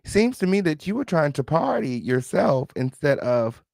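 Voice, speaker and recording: A man's voice: fairly high pitch, sing-song, normal speed, vocal fry, a little mellow, no echo, studio quality. A man hosting a live reaction commentary, sassy and chatty, talking straight to his viewers and repeating his catchphrases. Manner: repeats catchphrases, mock-dramatic asides. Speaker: host reacting to news.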